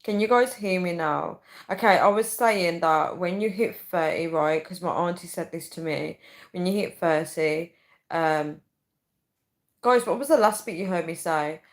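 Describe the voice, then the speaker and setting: A woman's voice: on the low side, unhurried, poor audio. A woman in her thirties hosting a casual livestream, rambling chattily and often calling her viewers "guys.". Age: 30s. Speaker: livestream host.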